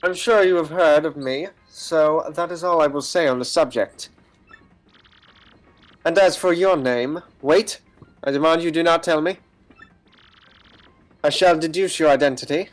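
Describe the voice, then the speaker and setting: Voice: mid-range voice, measured pace, long pauses, soft background music, close to an everyday voice. A streamer voicing a pompous, formal male penguin detective from a game, self-assured and grandiose. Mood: theatrical. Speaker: streamer reading game dialogue. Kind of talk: voice acting a game's text on stream.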